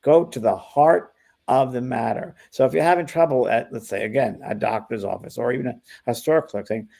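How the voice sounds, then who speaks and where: An older man co-hosting a casual spiritual talk, animated and acting out the exchanges he describes. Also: mid-range voice, fairly quick, creaky. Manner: animated, acts out quoted exchanges in lively voices. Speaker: spiritual medium and co-host. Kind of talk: casual conversational chat.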